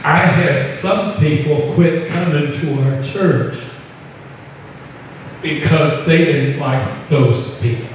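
A man's voice: on the high side, takes it slowly, background noise. Man, pastor preaching a sermon, folksy and conversational, recorded from a distance, long hall reverb. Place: church hall. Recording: echoey hall, distant mic.

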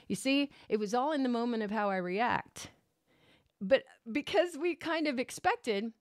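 A woman hosting a casual tarot podcast, expressive and animated, laughing often as she talks. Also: a little high, normal speed, no room sound, clean studio sound. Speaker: podcast host and tarot reader. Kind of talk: casual solo podcast chat with a tarot reading.

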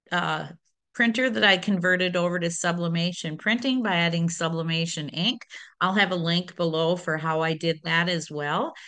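A woman hosting a craft tutorial, talking through each step on screen in a relaxed way and correcting her small slips as she goes. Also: mid-range voice. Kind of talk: screen-recorded software tutorial.

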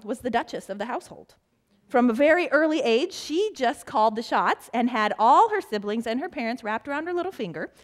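A middle-aged woman pastor giving a sermon in a church, telling family stories in a conversational way and asking rhetorical questions. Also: a little high. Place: church sanctuary.

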